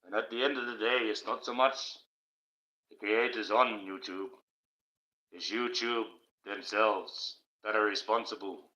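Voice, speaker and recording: Bright-voiced preachy man. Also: on the low side, fairly even intonation, measured pace, rough recording. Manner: preachy, declaiming in a put-on voice. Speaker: livestreamer. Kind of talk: preaching livestream monologue in character.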